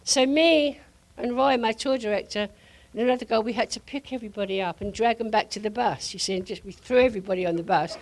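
An older woman preaching to a congregation, telling a lively testimony story with frequent laughter. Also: medium pitch, fast, hardly any pauses. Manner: animated storyteller, laughing often.

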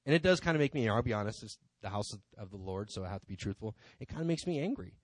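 A man's voice: on the low side, animated, racing, dry recording. A man giving an informal testimony in a church, talking conversationally and rambling with many asides. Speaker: church member speaking from the pulpit. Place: church sanctuary.

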